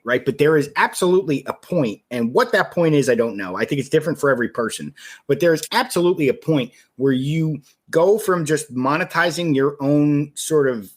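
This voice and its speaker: A man co-hosting a podcast, telling animated, profane stories and laughing often. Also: on the high side. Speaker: podcast co-host. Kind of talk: casual chat.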